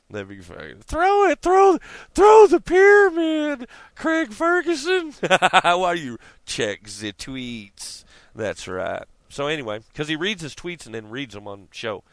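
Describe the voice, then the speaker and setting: A man's voice: medium pitch, fairly bright tone, dry recording. A man ranting casually to his viewers, profane and rambling, laughing often. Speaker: vlogger. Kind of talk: casual rant to camera.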